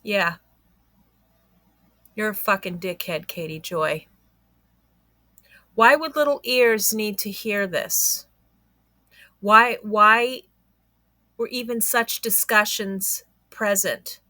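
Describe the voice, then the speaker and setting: A woman's voice: medium pitch, takes it slowly, pauses often, bright, forceful tone, no room sound. Blunt, profane woman commentator, dry sound. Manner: blunt, indignant, swears freely. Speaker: YouTube commentator. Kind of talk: reaction commentary.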